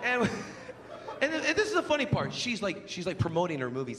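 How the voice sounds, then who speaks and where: A man's voice: high voice, wildly swooping pitch, normal speed, big-room sound, a little hiss or hum. A man doing stand-up on a comedy club stage, telling stories animatedly and laughing through them, speaking into a handheld mic. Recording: live club recording with loud crowd.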